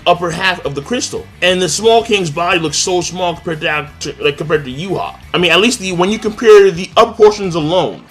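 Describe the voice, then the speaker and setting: A young man giving a live, excitable reaction to a manga chapter, joking and swearing as he reads. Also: on the high side. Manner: excitable, profane, jokey.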